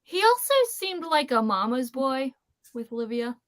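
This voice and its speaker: A woman's voice: high-pitched, lively intonation, unhurried, a bit bright, dry recording. A woman on a casual book club panel, speaking hesitantly with fillers and repeated words.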